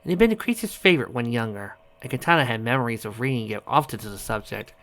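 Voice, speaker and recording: A man's voice: mid-range voice, expressive, fast, fairly bright tone. A man reading a fan story aloud, often stumbling over a word and correcting himself. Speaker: audiobook reader.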